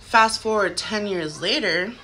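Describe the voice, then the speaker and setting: A woman's voice: medium pitch, a little slow, bright, forceful tone, a little hiss or hum. A woman in her thirties telling a haunting story to a phone camera at home, casual and chatty, full of "like" fillers. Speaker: vlogger.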